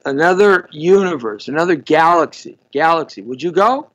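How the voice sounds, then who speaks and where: A man's voice: on the high side, expressive, normal speed, a bit bright, low-quality recording. A man hosting a live show, chatting casually, stumbling over and repeating words and greeting viewers by name. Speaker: host. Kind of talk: casual live-stream chat.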